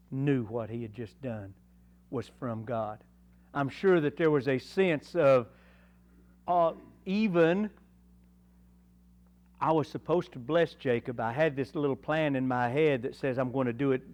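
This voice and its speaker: A man's voice: medium pitch, a little mellow. A man with an East Tennessee accent teaching a Bible lesson at church, earnest and folksy, full of rhetorical questions. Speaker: Sunday school teacher. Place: church classroom.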